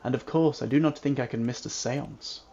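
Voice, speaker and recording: A man reading the lines of a composed young woman guest at a manor, in her early thirties, in a formal, polite and measured way. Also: mid-range voice, creaky, dark tone, natural voice. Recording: dull lo-fi with faint hiss.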